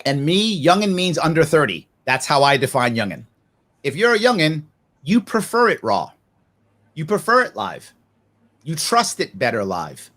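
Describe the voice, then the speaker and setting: Male, 40s, podcast guest; slightly raised pitch, talks off the cuff, animated, laughs easily. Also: normal speed. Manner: animated, laughs often, acts out other voices.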